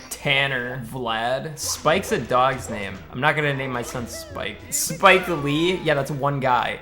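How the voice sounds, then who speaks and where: A young man streams a speedrun from his home setup, bantering with his viewers in a blunt, foul-mouthed, joking way. His voice sits at an ordinary middle pitch. Video game music plays clearly underneath him. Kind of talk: casual live-stream chat while gaming.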